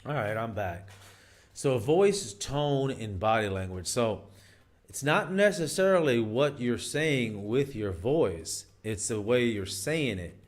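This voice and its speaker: A man's voice: mid-range voice, animated, slow. A man giving dating advice in a casual monologue, rambling and emphatic with lots of restarts.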